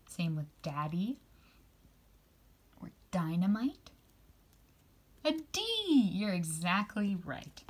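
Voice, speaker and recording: A woman teaching young children their letters, spelling words out slowly and praising each answer. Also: mid-range voice, big pitch swings, breathy edge. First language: English. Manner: slow, encouraging, spells out letters and sounds.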